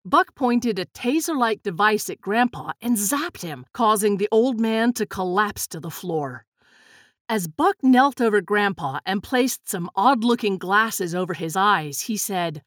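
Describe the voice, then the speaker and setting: A woman narrating a storybook in a measured, expressive reading. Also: mid-range voice, no room sound, clean studio sound.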